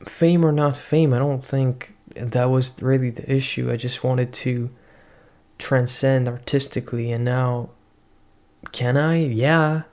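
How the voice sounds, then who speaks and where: Young male vlogger, non-native English, flat monotone delivery, swearing, soul-searching rant. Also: medium pitch, slow pace. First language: not English. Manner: profane, ranting, introspective. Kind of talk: rambling personal monologue.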